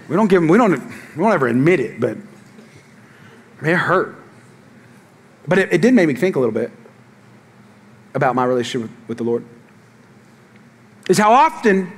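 A middle-aged man preaches with a lively, swinging delivery and a slightly high voice. He tells jokes and stories and calls out to his congregation for a response. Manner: animated, joking storytelling to the congregation. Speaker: pastor. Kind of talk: sermon.

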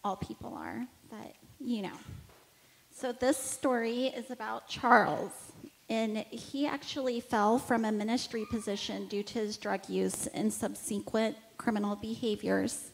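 A woman who works in homeless outreach, telling stories about the people she serves in a candid, warm way. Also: on the high side, measured pace, vocal fry, a little hiss or hum, poor audio. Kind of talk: storytelling talk.

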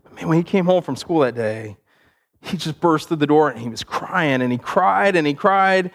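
A male pastor telling a story in a sermon, animated and conversational with easy laughs. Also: fairly high pitch, moderate pace.

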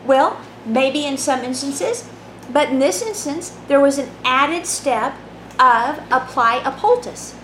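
A woman giving a conversational Bible teaching, reading scripture aloud and often checking in with her listeners with a quick "right?". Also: sits high, animated, a bit bright. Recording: roomy echo, faint background hum.

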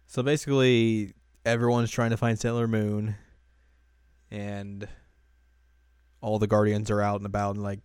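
A man's voice: fairly low pitch, little pitch movement, unhurried, long pauses, a little mellow, clean tone, dry recording. A man co-hosting a casual chat, dry and teasing, often laughing. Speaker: podcast co-host.

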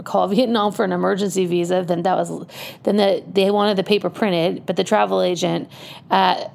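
A woman's voice: lowish voice, creaky, darkish tone. A woman telling a personal story in casual chat, chatty and laughing often as she goes.

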